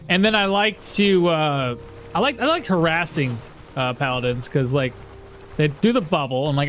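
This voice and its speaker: A man's voice: fairly high pitch, expressive, normal speed, fairly bright tone, slight background noise. A man streaming a game live, rambling and chuckling as he comments, swearing casually.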